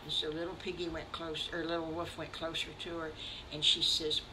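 A woman's voice: low-pitched, a little fast, background noise. Older woman telling a children's story. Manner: warm, animated, addresses children.

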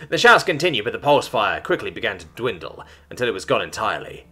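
A man narrating a science fiction story in an animated storytelling manner, with soft music beneath. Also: on the low side, quick pace, husky. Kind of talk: scripted narration.

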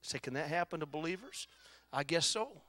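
A man preaching a sermon as pastor, swinging from loud exhortation to quiet personal storytelling. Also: fairly high pitch, expressive, normal speed. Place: church sanctuary.

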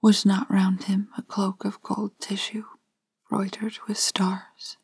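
A woman's voice: medium pitch, flat delivery, slow pace, vocal fry, darkish tone, husky, dry recording, exaggerated voice. A woman voicing a grieving beggar mother in a whispered role-play from a storybook fairytale, pleading in old-fashioned speech.

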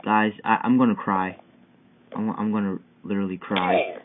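A young gamer gives excitable, frustrated commentary while playing a parkour game, yelping and whining at every failed jump. His voice is on the low side at normal speed, picked up by a tinny, phone-like mic with faint hiss.

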